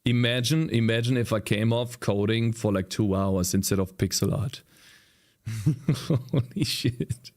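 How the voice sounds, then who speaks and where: Talking to himself as he develops a game, this frustrated man swears through a casual livestream of coding commentary. His strained, scream-worn voice sits on the low side with little pitch movement, at normal speed and with hardly any pauses.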